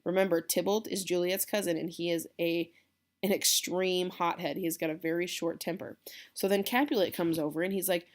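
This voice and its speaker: A woman's voice: fairly low pitch, moderate pace. A woman teacher giving a casual classroom lecture, explaining a play and checking in with her students.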